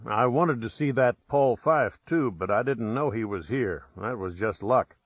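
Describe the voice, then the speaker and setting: A man voicing an easygoing young prospector who speaks in a soft, unhurried drawl, a little ironic. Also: mid-range voice, husky, no echo, dull audio. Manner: relaxed, unhurried, faintly ironic.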